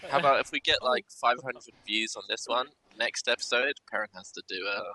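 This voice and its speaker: A man's voice: medium pitch, a little fast, bright, forceful tone, slight background noise, rough recording. A man playing a tabletop game, teasing and playful in casual chat. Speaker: player.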